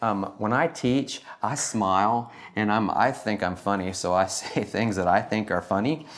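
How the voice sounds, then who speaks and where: A middle-aged man with a fairly low voice gives a relaxed talk to a live audience. He is animated and self-deprecating, and often laughs at his own jokes. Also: measured pace. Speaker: teacher and speaker.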